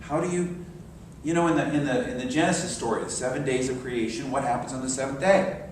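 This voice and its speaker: A man's voice: mid-range voice, steady tone, fast, a little hiss or hum. Older man preaching in an echoey hall. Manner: storytelling, dropping to soft meditative tones. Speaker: minister. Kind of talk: sermon. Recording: very echoey hall, mic far off.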